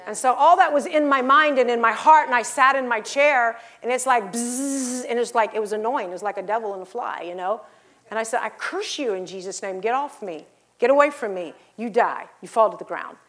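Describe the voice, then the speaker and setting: A middle-aged woman with a fairly high voice delivers a sermon, telling stories and performing the characters' voices. She builds toward loud exhortation, urging the congregation to raise their voices.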